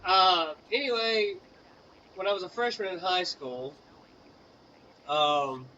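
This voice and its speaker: Bright Southern US man rambling through a story. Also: high-pitched, animated, takes it slowly, far from the mic, dull audio, a little hiss or hum. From Mississippi, US. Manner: rambling, many fillers and asides to the game. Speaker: gaming channel co-host. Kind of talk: casual storytelling over gameplay.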